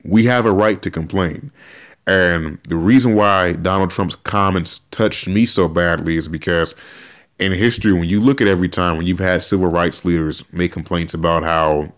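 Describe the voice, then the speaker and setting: A man hosting a podcast, giving animated, emphatic opinion commentary and often restarting his sentences. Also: low-pitched. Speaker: podcast host.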